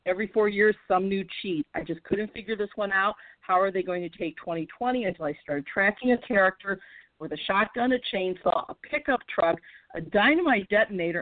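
A woman's voice: mid-range voice, no room sound. Woman interviewer on a tinny line. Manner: reads quotes aloud, halting with fillers. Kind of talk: radio interview, reading quotes. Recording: dry, tinny phone line.

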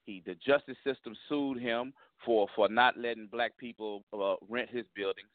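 A man's voice: mid-range voice, fairly even intonation, normal speed, no room sound, narrow, tinny audio. A man, a comedian calling into a radio show, speaking emphatically and repeating himself as he makes his points in street slang. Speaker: comedian guest. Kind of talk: phone interview.

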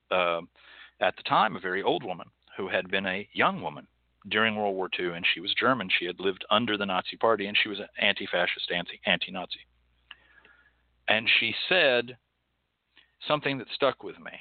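A Texas man hosts a call-in radio show, speaking bluntly and passionately with profanity and a preacherly cadence. His voice is on the low side, with tinny, phone-like audio and no room sound.

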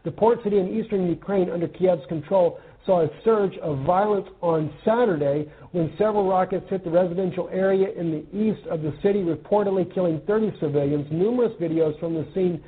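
A man from the United States comments on news articles in an earnest, conversational manner, pausing to think mid-sentence. His voice sits a little on the high side for a man. The audio is narrow and tinny, like a phone line.

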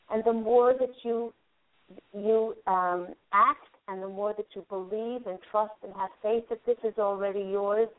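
A woman radio host giving a call-in angel card reading, gently guiding the caller through a visualization. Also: on the high side. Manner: soothing, guiding, talks listener through a visualization. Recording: narrow phone-line sound.

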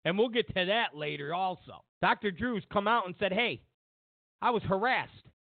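A man's voice: high voice, normal speed, gravelly, no room sound. A man hosting a political commentary show, mocking and sarcastic, repeating lines for emphasis. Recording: tinny phone-like sound.

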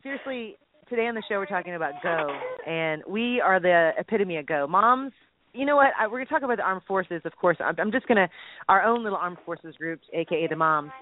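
A woman hosting a casual Christian radio chat, excitable and quick to laugh and exclaim. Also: on the low side, slight background noise. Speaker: radio show host. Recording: tinny phone-like line, dry.

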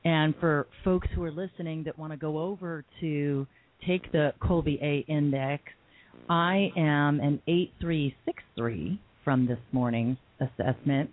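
A woman hosting a talk radio interview, excited and chatty with a few fillers, over a tinny line. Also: low voice, measured pace. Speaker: radio show host.

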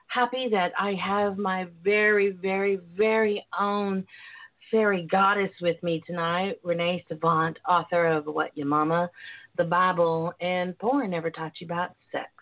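A woman with a raspy voice and a Southern twang, hosting a casual talk show. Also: on the low side. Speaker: podcast host. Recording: tinny phone line.

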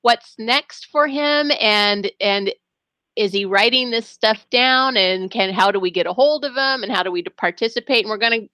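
A woman hosting an interview, chatty and halting with many restarts. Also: on the high side, sharp tone, no room sound. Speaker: radio talk show host.

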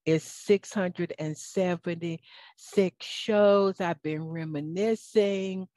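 A woman host speaks on her own show, slowly and in a lowish voice, heartfelt and faith-filled as she talks straight to her listeners. She often stumbles and restarts her sentences. The sound is dry and close to the mic. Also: steady tone, a little mellow, no echo. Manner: frequent fillers and stammered restarts. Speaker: talk show host and life coach. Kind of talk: solo talk show monologue.

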